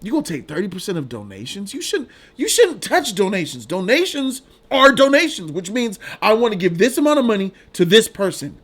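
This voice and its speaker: A man's voice: high-pitched, very animated, fairly quick, few pauses, fairly bright tone. A man hosting a live stream, chatting casually with viewers in loose slang and laughing often. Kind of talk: casual live-stream chat reading donations.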